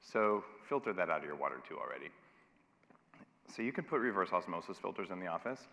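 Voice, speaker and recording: A man giving an energetic, emphatic conference keynote with a wry edge, speaking in a large hall. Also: deep voice. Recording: long hall reverb.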